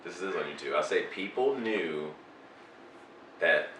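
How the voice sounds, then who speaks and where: Male co-host, very deep and bright, halting delivery, roomy far-off mic. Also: expressive, a little hiss or hum. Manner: hesitant, asks the group questions. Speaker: podcast co-host. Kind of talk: casual comedy chat.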